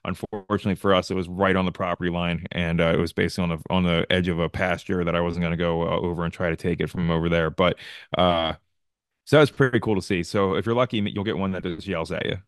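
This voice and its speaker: Deep-voiced Midwestern man telling a hunt story. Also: fairly even intonation, fast talker, dry recording, studio quality. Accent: Midwestern American. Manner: storytelling, frequent "uh" fillers. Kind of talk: webinar discussion.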